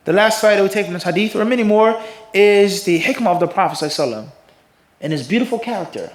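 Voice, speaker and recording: High-voiced man lecturing in an echoey room. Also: lively intonation, rapid-fire. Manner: rhetorical questions to the audience, sarcastic mimicry. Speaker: mufti teaching hadith. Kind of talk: Islamic lecture.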